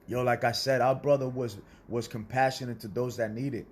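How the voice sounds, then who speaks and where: A man's voice: mid-range voice, fairly even intonation, brisk, hardly any pauses, slight background noise. A man delivering a blunt, profane motivational sermon, preaching in a confrontational way to other men and swearing freely. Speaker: self-styled spiritual speaker.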